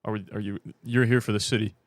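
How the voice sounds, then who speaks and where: Talking fast with fairly low pitch and fairly even intonation, this British host runs a fan livestream and jokes his way through viewer comments. His casual chat is rambling and self-deprecating, full of restarts, and the audio has no echo.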